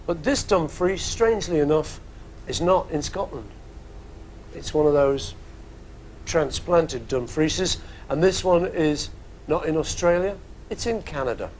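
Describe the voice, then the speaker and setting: A man's voice: a little high, a little hiss or hum. A man hosting a music program from a studio, answering listener questions in a rambling, jokey, casual way. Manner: rambling and jokey, with playful asides. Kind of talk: casual chat.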